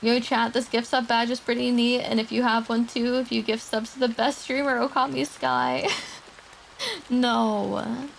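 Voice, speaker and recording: Woman, streamer, gravelly fry, higher voice, reading scary stories to chat, casual asides. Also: level tone, measured pace, slight background noise, rough recording. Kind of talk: reading horror stories aloud to a live chat.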